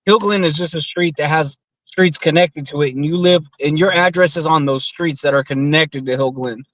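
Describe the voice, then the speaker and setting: A man's voice: on the high side, moderate pace, fairly bright tone, poor audio. Profane, rambling man telling a story. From US West Coast. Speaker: podcast co-host. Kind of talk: casual storytelling among friends.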